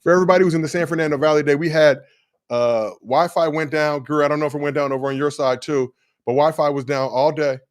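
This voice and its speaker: Forties guy cracking jokes on a sports stream, kinda high voice, dry close sound. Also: fairly even intonation, fast talker, no echo. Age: 40s. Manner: joking, hype, shout-outs to chat. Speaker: co-host. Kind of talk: casual livestream chat.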